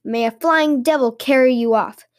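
A woman voicing a bold young shepherd lad who answers with calm, confident retorts. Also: high-pitched, moderate pace, no room sound, natural voice.

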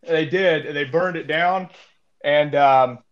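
A man's voice: on the high side, takes it slowly, muffled recording, crowd noise. A man co-hosting a podcast, telling a story in a rambling, joking way with many fillers. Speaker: podcast co-host. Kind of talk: casual podcast chat.

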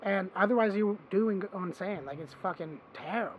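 High-voiced man telling a wild story. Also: fairly quick, lo-fi sound, a little hiss or hum. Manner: animated, swearing, acts out quoted voices. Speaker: podcast host. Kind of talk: casual storytelling chat.

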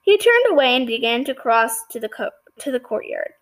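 A woman with a fairly high voice reads a children's novel aloud, chapter by chapter. She sometimes trips on a word, says excuse me and goes back over it. Her delivery is a relaxed, homespun read-aloud. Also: fairly quick, low-quality recording. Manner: stumbles and apologizes for slips. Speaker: reader. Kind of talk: reading a children's book aloud.

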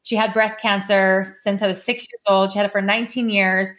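A woman's voice: mid-range voice, level tone, brisk, fairly bright tone. A middle-aged woman hosting a casual podcast, speaking candidly and heartfelt, repeating points for emphasis. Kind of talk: casual conversational podcast chat.

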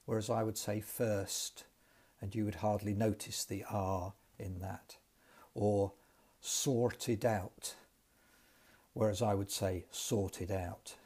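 A man giving a recorded lesson about English accents, explaining slowly and clearly. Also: on the low side, warm tone. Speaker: English teacher.

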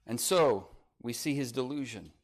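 A man preaching a sermon, rising to emphatic peaks and dropping to quiet, soft passages, and reading scripture aloud. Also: mid-range voice, animated, normal speed. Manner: reads scripture in old-style phrasing. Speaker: pastor.

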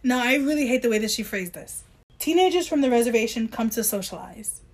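High-voiced woman chatting animatedly. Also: a little fast. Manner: animated, self-interrupting, quotes the book in voices. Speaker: podcast co-host. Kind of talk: casual book discussion.

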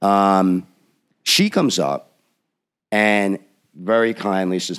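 Gravelly low-voiced man telling a story. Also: a little slow. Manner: acts out the people in his story, lively and emphatic. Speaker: podcast guest. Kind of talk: animated storytelling in a podcast chat.

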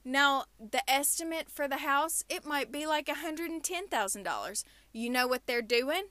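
A woman's voice: high voice, lively intonation, moderate pace, hardly any pauses, bright, forceful tone, no room sound. A young adult woman hosting a casual podcast, telling stories and ranting animatedly from a small closet booth. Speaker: podcast host.

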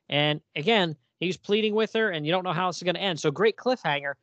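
A man's voice: sits high, fast, a bit bright, no room sound, highs cut off. A man hosting a casual podcast discussion, retelling comic pages and reading the dialogue aloud. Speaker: podcast host.

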